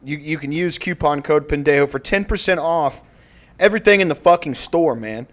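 A man's voice: on the high side, normal speed. A young man co-hosting a podcast, chatting loosely and profanely, joking through an ad read. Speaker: podcast co-host. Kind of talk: casual podcast chat with ad read.

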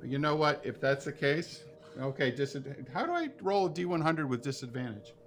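A man playing a tabletop game, relaxed with dry humor. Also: on the high side, normal speed, slight background noise. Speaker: player. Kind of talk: casual tabletop play.

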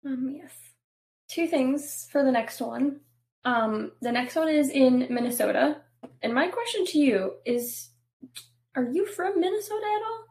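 A woman co-hosting a podcast in relaxed, casual chat. Her voice sits a little high, and she laughs often and asks teasing questions. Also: measured pace. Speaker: podcast co-host.

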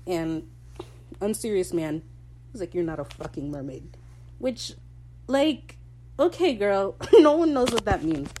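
Lower-pitched casual woman. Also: mellow, a little hiss or hum. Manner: chatty, joking, swears freely, slangy asides. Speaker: podcast host recapping a TV episode. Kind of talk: casual episode recap.

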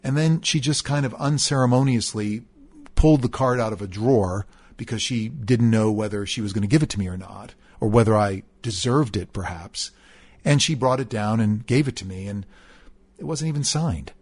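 Husky middle-aged man, earnest and candid. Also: on the low side, moderate pace, darkish tone, dry recording. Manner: earnest, candid, with hesitant restarts. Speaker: narrator. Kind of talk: reading a post aloud, then personal reflection.

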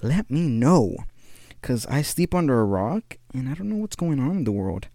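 A man's voice: mid-range voice, very animated, moderate pace, warm tone, no room sound, studio quality. A young man hosting his own podcast, chatting casually in a rambling, slang-heavy way with frequent laughs, a little tired. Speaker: podcast host. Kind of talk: casual solo monologue.

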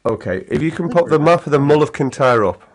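A man's voice: a little high, animated, fast talker, crowd noise. A man with a Liverpool accent from Liverpool, England, joking crudely in casual chat over a video call. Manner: profane, riffing, slips into comic voices.

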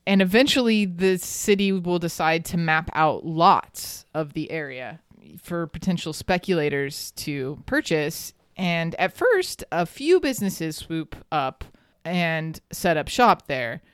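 A woman's voice: on the low side, expressive, takes it slowly, clear, resonant tone, no room sound, studio quality. A woman hosting a podcast, telling a local history story in a chatty, casual way and laughing often. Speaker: podcast host.

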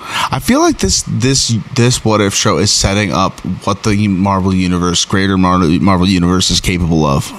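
A man hosting a show, recapping and reviewing an episode in a rambling, excitable way with many fillers and restarts. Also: low-pitched, moderate pace, slight background noise.

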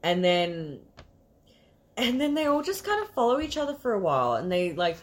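A woman's voice: lowish voice, very animated, normal speed. A woman co-hosting a casual movie podcast, swearing freely and laughing often. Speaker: podcast co-host. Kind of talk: casual movie review chat.

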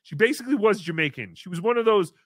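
A man's voice: sits high, expressive, fast talker, a bit bright, no room sound, studio quality. A man hosting a comedy podcast, rambling in a goofy, joking way. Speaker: podcast host.

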